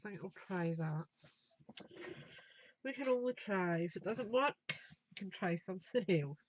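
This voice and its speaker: A woman's voice: medium pitch, animated, a little slow, dull audio. Chatty woman crafting aloud. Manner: chatty, thinking aloud while working. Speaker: craft tutor. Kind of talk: live craft tutorial.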